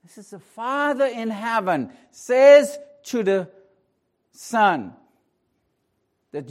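Slow-preaching high-voiced man. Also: big pitch swings. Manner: slow, emphatic preaching with hushed prayer and rising exclamations. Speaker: pastor. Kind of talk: sermon with prayer.

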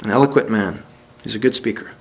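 A man preaching a sermon, reading scripture aloud and asking the congregation direct questions. He talks earnestly, climbing to emphatic peaks and then dropping quiet. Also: fairly low pitch, quick pace, gravelly, slight background noise.

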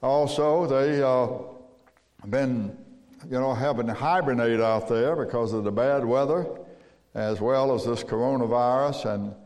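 A man's voice: medium pitch, unhurried, a little mellow, in a large hall. A man speaking as pastor, greeting his congregation in a friendly, folksy way before a sermon.

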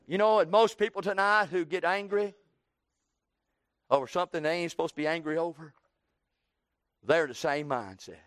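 High-voiced fervent preacher man. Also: fairly quick, smooth, no room sound, studio quality. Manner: fervent, repetitive, swings from soft to shouting. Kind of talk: sermon.

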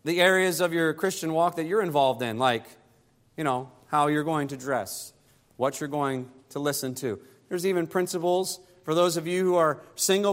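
A pastor preaching a sermon, climbing higher and louder to press his points and dropping soft and low to close them. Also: moderate pace, big-room sound.

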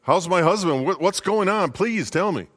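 A woman's voice: fairly low pitch, animated, moderate pace, long reverb tail, pitched above the performer's own voice. A man voicing a panicked newlywed wife in a joke, pleading in a raised, frantic voice.

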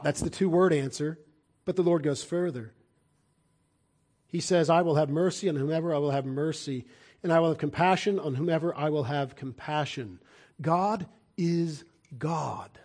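A man delivers a sermon in a slightly higher voice. He alternates between forceful, emphatic proclamations and hushed, low asides. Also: slightly rough. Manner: emphatic, swings between loud declarations and quiet low asides. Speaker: preacher.

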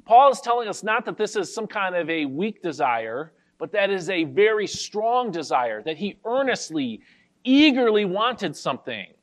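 A man pastor giving an expository sermon, carefully explaining a Bible verse and reading the scripture slowly. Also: high-pitched, very animated.

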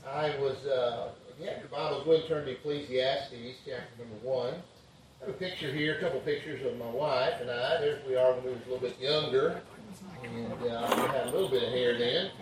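An older pastor tells homey family stories during a revival sermon and drops an "amen" every few lines. His mid-pitched man's voice sounds from some distance in a very echoey church with faint background noise. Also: fairly quick. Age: 60s. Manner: folksy, with frequent amens and fillers.

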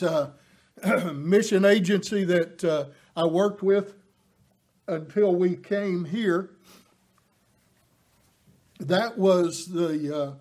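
A middle-aged male preacher delivers a sermon in a high, unhurried voice. He builds to emphatic, impassioned peaks, then slips into folksy asides full of filler words. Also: darkish tone.

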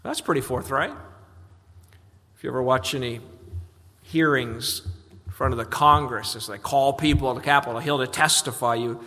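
Pastor preaching, bright pushy tone, repeats words a lot, big echoey church. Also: male voice, normal speed. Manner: earnest, repeats words on restarts, voices questions with rising pitch. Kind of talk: expository sermon. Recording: long reverb of a large hall.

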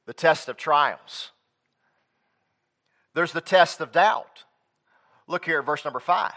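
A man preaching a sermon to his congregation, swinging between loud emphatic peaks and quiet low asides, and reading scripture aloud in old-fashioned wording. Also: slow pace. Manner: reads scripture aloud in King James wording.

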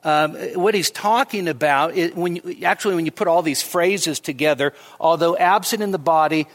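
A man's voice: moderate pace, long reverb tail. A man preaching a midweek sermon in a conversational way, with many fillers and "right?" checks, who lifts his voice when he quotes scripture. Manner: rises sharply in pitch and volume when quoting scripture. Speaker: pastor. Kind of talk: expository sermon. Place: church sanctuary.

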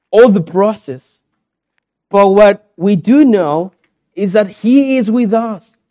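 A man's voice: high voice, warm tone. A man from South America, a pastor preaching a sermon in earnest, repeated phrases, with a young daughter.

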